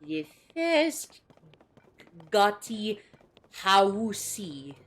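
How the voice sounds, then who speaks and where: A woman's voice: mid-range voice, sing-song, very slow, soft background music. A young woman streaming a video game, chatting playfully with her viewers and laughing often. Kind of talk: casual gameplay commentary.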